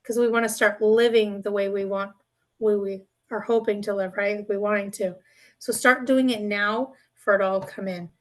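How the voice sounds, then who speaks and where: A woman's voice: mid-range voice, steady tone, normal speed. A woman co-hosting a podcast in casual chat, rambling and earnest, often checking in with "right?". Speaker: podcast co-host.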